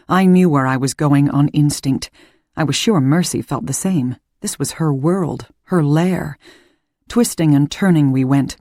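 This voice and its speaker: A woman reading a first-person suspense audiobook in a measured, calm storytelling voice. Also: deep voice, no room sound, clean studio sound. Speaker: audiobook narrator.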